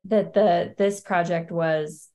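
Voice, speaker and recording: A woman's voice: lowish voice, steady tone, slow pace, darkish tone. A woman interviewing a guest, upbeat and encouraging as she asks her questions. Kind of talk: casual interview chat.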